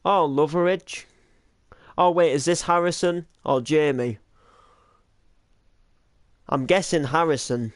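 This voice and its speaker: A man's voice: on the high side, slow pace, long pauses, no room sound, clean studio sound. A young British man hosting a casual reaction to his old videos, rambling with lots of likes and restarts.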